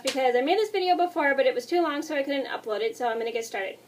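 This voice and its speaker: A woman in her twenties chatting through a casual movie review, talking fast with restarts and apologies. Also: high-pitched, expressive, distant mic, slight background noise. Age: 20s. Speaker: vlogger.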